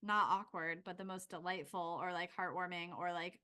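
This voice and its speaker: A woman's voice: fairly low pitch, steady tone, normal speed, sharp tone, clean tone. A woman hosting a casual interview, asking questions in a playful, upbeat way. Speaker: host.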